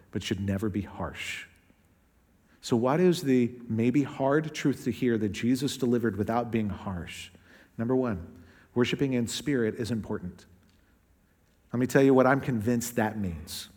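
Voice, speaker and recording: Man preaching in a reverberant hall. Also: darkish tone. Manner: conversational preaching, acts out quotes with shifting pitch and pace. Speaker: pastor. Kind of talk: sermon.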